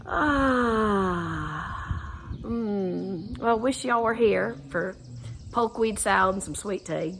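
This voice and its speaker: A middle-aged Southern American woman guides a laughter session, chatting in a folksy, giggly way. Her voice sits at an ordinary middle pitch for a woman. A faint hiss runs under the recording. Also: slow, gravelly. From US South (Atlanta).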